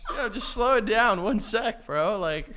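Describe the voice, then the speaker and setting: A man's voice: sits high, unhurried, a crowd in the background. A young man hosting a podcast, chatting loosely and profanely, laughing often. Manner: animated, profane, laughs often, breaks into mock accents. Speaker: podcast host. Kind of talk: casual chat.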